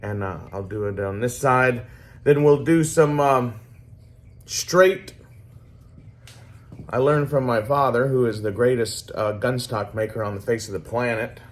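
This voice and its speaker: Casual man, medium pitch, rambling, cursing, laid-back workshop talk. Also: unhurried. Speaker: hobby swordsmith vlogger.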